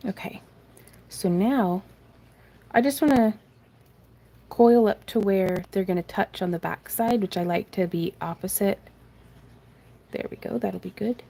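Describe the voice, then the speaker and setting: A woman's voice: mid-range voice, measured pace, creaky, pauses often, mellow. A woman hosting a live crafting stream from her craft room, chatting in a rambling, self-deprecating way and reading viewer comments aloud. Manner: rambling and self-deprecating, laughs often, reads chat aloud. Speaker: craft tutorial host.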